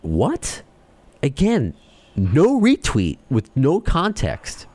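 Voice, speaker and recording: A man with a New York accent hosting a podcast, talking fast and excitably as he rants. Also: fairly high pitch. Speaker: podcast host. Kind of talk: casual chat.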